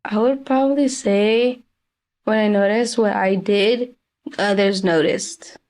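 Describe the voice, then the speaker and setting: A woman's voice: mid-range voice, slow pace, darkish tone. A teenage girl as a guest on a talk show, speaking casually with many fillers like "like" and "damn.". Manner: casual, heavy use of "like" and "damn". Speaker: youth guest. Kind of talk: casual conversation.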